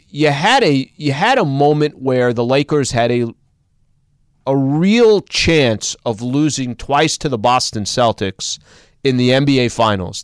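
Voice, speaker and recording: A man's voice: medium pitch, clean tone, no room sound, studio quality. A man hosting casual sports talk, recounting games in a conversational way with fillers.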